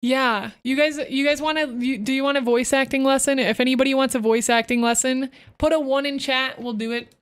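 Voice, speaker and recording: A young woman streaming as a VTuber, talking fast and chatty to her chat while giving voice tips. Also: high-pitched, fairly even intonation, no room sound. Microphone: close desk microphone.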